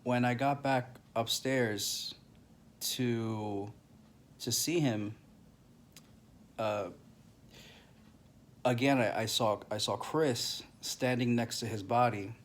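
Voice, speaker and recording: A grieving man telling a personal story to camera in a halting, emotional way, with many pauses and restarts. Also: medium pitch, fairly even intonation.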